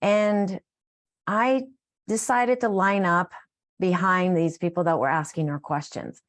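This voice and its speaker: A woman's voice: lowish voice, steady tone, unhurried. A middle-aged woman, a wellness coach, telling a heartfelt, rambling story on a recorded live call, often restarting her sentences.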